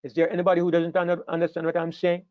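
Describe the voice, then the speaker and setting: A man with a fairly high voice leads a Bible study class, pressing his points by repeating key words and stopping to ask whether the room follows him. The recording is dull and lo-fi, with a dry sound close to the voice. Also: monotone, rapid-fire, dry recording.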